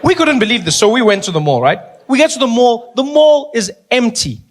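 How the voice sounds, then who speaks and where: A male stand-up comedian telling stories on a live stage in an animated, playful way, using a handheld mic. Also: very high-pitched, a little fast. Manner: animated, playful storytelling with big vocal swings. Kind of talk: stand-up storytelling. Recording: live comedy club with noise.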